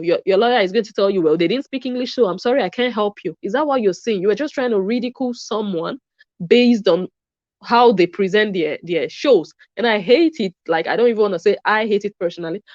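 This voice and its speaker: A woman's voice: medium pitch, a little mellow, no room sound, highs cut off. A woman commentator in a vlog, talking in a sarcastic, questioning way.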